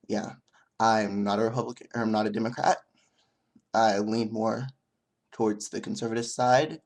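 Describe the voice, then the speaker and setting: A young man vlogging in a casual monologue, rambling and halting, with frequent restarts. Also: lowish voice, a little mellow.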